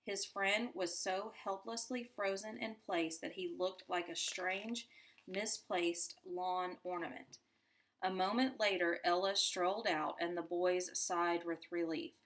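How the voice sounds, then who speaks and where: A woman teacher reading a children's novel aloud to her class in a deliberate storytelling manner. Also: on the low side, steady tone, fairly bright tone. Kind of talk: children's book read-aloud.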